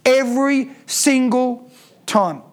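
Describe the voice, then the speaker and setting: A man's voice: extremely high pitch, slow pace. A man preaching a sermon, emphatic and repeating key lines for effect.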